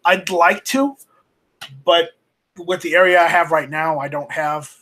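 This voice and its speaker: A man hosting a casual live stream off camera, reading viewer chat aloud and talking in a halting, rambling way with many restarts. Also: on the high side, steady tone, sharp tone. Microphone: home streaming mic, voice only, off camera.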